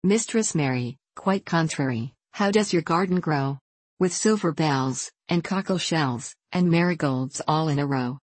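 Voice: mid-range voice, moderate pace, darkish tone, no room sound, lightly acted. A reader voicing a scornful, teasing little boy. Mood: mocking. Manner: scornful, mocking. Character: teasing impudent seven-year-old boy.

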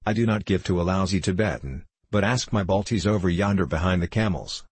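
Guy reading as a blunt old horse trader, low husky voice, barks orders. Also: brisk, darkish tone, no room sound. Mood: gruff. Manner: blunt, suspicious, commanding. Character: gruff elderly male Afghan horse trader.

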